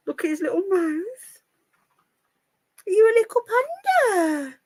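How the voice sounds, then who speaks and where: Woman on a livestream, baby-talking her pets, high and swingy voice. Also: very animated, measured pace, long pauses, darkish tone, no room sound. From United Kingdom. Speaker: livestream host. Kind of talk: casual live-stream chat with pets.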